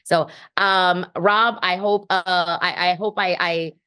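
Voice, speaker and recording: A woman with a somewhat low voice tells upbeat stories of recruiting calls, acting out each side of the conversation. She talks to a group over a video call, with high energy and plenty of encouragement. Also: takes it slowly, clean tone. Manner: animated storytelling, acting out phone calls. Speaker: team leader sharing recruiting tips.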